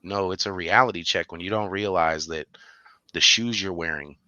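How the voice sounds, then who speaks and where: With a deep, low voice that nonetheless sounds bright and forceful, this man co-hosts a podcast, spinning animated stories and erupting in sudden high laughs. He talks at normal speed, and the sound is dry and close with no room sound and the highs cut off.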